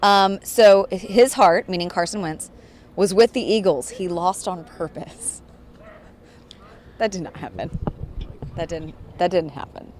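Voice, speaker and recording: A female sports reporter in a casual post-game chat, reading viewer comments aloud with brisk, wry remarks, recorded outdoors at a football stadium. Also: lowish voice, darkish tone. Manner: brisk, wry, quick to agree.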